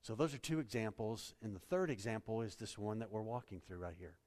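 A man preaching a sermon, animated, acting out quotes and swinging between loud and soft. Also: on the low side, fairly quick. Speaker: pastor. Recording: hall reverb.

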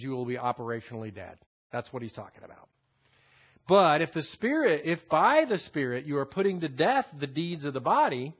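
Texan pastor in a dull, lo-fi recording. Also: male voice, on the high side. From Texas. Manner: repeats key phrases, explains Greek words. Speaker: pastor teaching scripture. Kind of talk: expository Bible teaching.

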